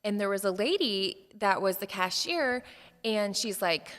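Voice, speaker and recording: A woman co-hosting a church podcast, telling a personal story in an animated, chatty way and speaking straight to her listeners. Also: medium pitch, a little slow, big-room sound. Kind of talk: casual storytelling conversation.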